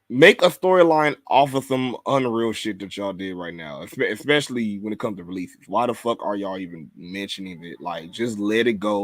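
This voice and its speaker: A man's voice: mid-range voice, a bit bright, no room sound. Male podcast host, casual and profane, repeats himself; mid-range voice, dry recording. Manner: laughs often, reads viewer comments aloud. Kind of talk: casual review chat.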